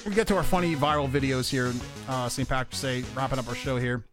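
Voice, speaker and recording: A man hosting a podcast in crude casual comedy chat, joking loudly and laughing often. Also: mid-range voice, fast talker, over loud music. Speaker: podcast host.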